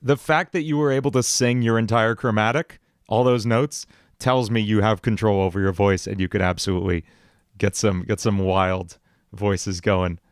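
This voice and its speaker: A man's voice: fairly low pitch, steady tone, normal speed, smooth, no echo, studio quality. A male songwriter chatting casually on a livestream, thinking aloud and correcting himself as he goes. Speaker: songwriter and streamer.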